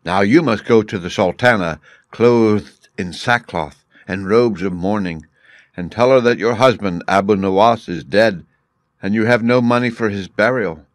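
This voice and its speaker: A man's voice: fairly low pitch, unhurried, dry recording, studio quality, lightly acted. A man voicing a scheming jester. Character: scheming poor male court jester.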